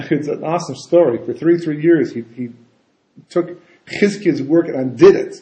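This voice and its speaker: A man giving a casual Torah talk as a rabbi, animated and full of rhetorical questions and asides. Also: on the high side, normal speed. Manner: animated, rhetorical questions, frequent "you know" and "right?". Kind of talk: casual conversational Torah lecture. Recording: echoey room.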